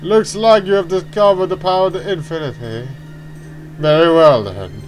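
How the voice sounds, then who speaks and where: A man's voice: fairly low pitch, fairly even intonation, unhurried, fairly bright tone, faint music behind. Man voicing a solemn ancient elder. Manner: grave, formal, ceremonial delivery. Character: solemn ancient male elder bestowing power.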